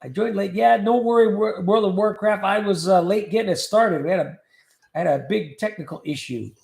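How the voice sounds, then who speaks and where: A man's voice: high-pitched, fairly quick, vocal fry, darkish tone. A man hosting a livestream, casually chatting and joking as he reads viewer comments aloud. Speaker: livestream host. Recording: echoey room.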